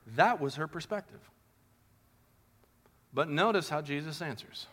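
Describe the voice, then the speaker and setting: A male preacher giving a sermon earnestly, asking rhetorical questions and moving between loud and hushed passages. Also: on the high side, animated, a little slow, pauses often.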